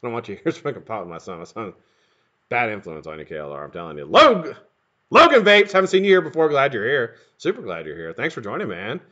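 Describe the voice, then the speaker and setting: Fast and wildly swooping in pitch, a middle-aged man's bright, forceful voice rambles through a live stream, swearing and joking between greetings to viewers. The audio is dull and lo-fi.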